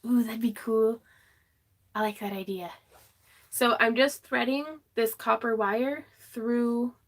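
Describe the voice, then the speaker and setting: A woman's voice: fairly high pitch, creaky, fairly bright tone. A woman hosting a casual craft livestream from her home craft room, chatting, laughing often and reading viewer comments aloud.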